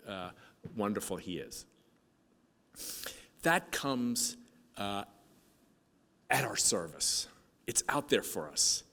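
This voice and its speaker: Man telling a moving story on stage. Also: lowish voice. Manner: halting, with many restarts and fillers; moved, voice dropping soft at times. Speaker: keynote speaker. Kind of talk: emotional storytelling speech. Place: conference hall. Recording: hall reverb from a stage speech.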